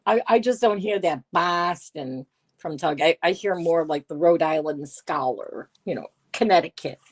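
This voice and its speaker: A woman's voice: on the low side, expressive, normal speed. A middle-aged woman hosting a casual live stream, reading chat aloud with sarcasm and frequent laughs. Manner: sarcastic, laughs often, chats with viewers. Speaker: livestream host reading chat.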